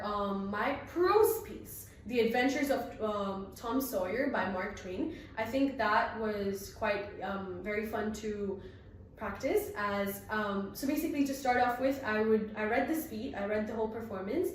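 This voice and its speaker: A woman's voice: mid-range voice, measured pace, slight background noise. A teenage girl taking a drama exam, speaking earnestly with some ums as she reflects on her performance. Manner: earnest, rehearsed, with frequent ums. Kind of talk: exam recitation and spoken reflection. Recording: very echoey room, from a distance.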